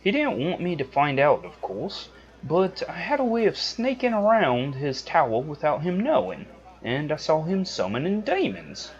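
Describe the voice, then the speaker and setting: A man's voice: wildly swooping pitch, normal speed, highs cut off. A man doing a cheeky rogue sidekick. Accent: put-on Irish-like brogue. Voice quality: high light voice. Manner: chatty, irreverent. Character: young male rogue henchman, cheeky.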